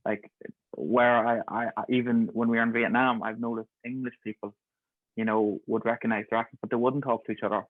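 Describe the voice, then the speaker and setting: A man's voice: medium pitch, little pitch movement, brisk, no room sound. An Irish man guesting on a podcast, agreeable and chatty, with frequent "um" and "yeah". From Ireland. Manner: agreeable, many "um" and "yeah" interjections. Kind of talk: casual interview chat. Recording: tinny phone-like call audio.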